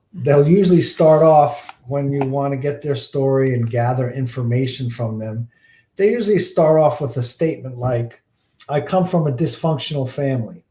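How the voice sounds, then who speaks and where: A man's voice: mid-range voice, mellow. Man, pastor teaching a class, folksy storyteller, frequent fillers, roomy echo. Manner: folksy storyteller, repeats words, many fillers.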